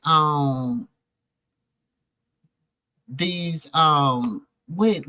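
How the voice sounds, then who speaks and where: Middle-aged woman chatting w viewers, bright voice, takes her time, animated storytelling. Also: sits low, no echo, poor audio. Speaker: host. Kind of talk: casual chat to viewers.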